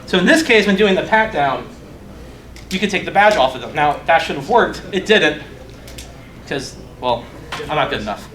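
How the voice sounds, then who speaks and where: A man's voice: a little high, animated, normal speed, long pauses, a bit bright. A young man giving a casual conference talk, loose and profane, joking at his own expense. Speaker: conference speaker. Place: conference hall. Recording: echoey conference room.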